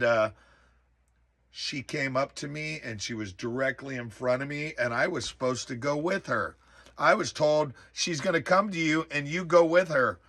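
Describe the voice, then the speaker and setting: A man telling a personal story in a casual, animated way, exclaiming often and filling pauses with "uh" and "um". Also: on the high side. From rural area. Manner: animated, exclaims in bursts, many fillers. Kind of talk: casual spoken recollection.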